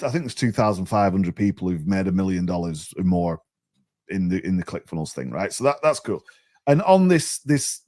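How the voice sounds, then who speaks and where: A man, a podcast guest telling a story in a chatty, animated way, often repeating words as he restarts. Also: on the low side.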